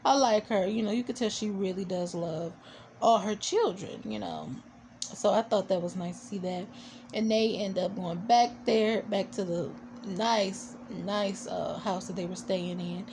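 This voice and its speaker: A woman's voice: mid-range voice, unhurried, darkish tone, a little hiss or hum. Chatty, sassy woman recapping a show. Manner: chatty, full of "you know" and fillers; sassy, opinionated asides. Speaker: TV show reviewer. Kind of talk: casual episode recap vlog.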